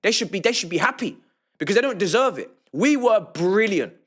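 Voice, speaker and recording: Young guy, pretty high voice, hyped football reaction rant, lots of repeating himself and banter. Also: brisk. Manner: emphatic and animated, repeats phrases for effect, slangy banter. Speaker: football fan reaction host. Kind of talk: excited post-match reaction vlog.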